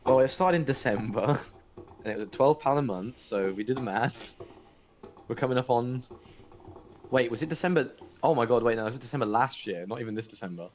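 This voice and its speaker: A man chats jokily on a voice call, reading out messages viewers have sent. His voice is mid-range and darkish, moving at a moderate pace with long pauses, over a noisy background.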